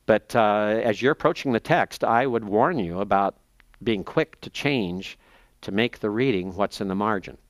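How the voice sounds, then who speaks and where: Man teaching at a slow, careful pace. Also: lowish voice, dry recording. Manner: slows down to spell out terms and page references; thinks aloud while searching his notes. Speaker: seminary professor. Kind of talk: classroom lecture.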